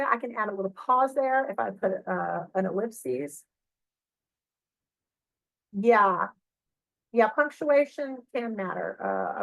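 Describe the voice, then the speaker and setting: Gravelly-voiced woman teaching software. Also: mid-range voice, no room sound, low-quality recording. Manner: chatty, with many fillers and "okay?" check-ins. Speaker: librarian. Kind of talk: screen-share tutorial walkthrough.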